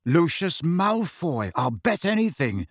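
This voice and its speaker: A man voicing a serious, brooding teenage schoolboy wizard in a low, intent voice in a storybook reading. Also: sing-song, slow, no room sound, studio quality, exaggerated voice.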